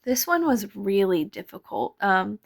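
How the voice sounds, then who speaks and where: Gravelly woman rambling in casual voice-over. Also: mid-range voice, expressive, measured pace. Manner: rambling, swears casually, laughs often. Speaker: vlogger. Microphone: voice-over mic.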